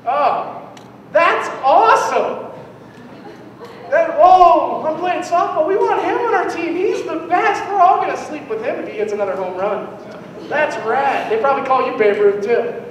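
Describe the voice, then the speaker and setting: A man's voice: very high-pitched, animated, a little slow. A young man doing a rambling, self-mocking stand-up set and riffing with the crowd. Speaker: stand-up comedian. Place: live comedy venue with an audience. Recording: echoey hall recorded from far off.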